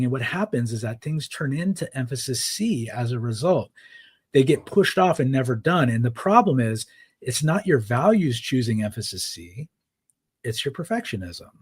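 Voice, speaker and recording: A man's voice: medium pitch, big pitch swings, moderate pace, slightly rough, dry recording. A man, a podcast guest and author, explaining ideas in a conversational interview, often checking in with "right?". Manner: explains frameworks with many "right?" tags.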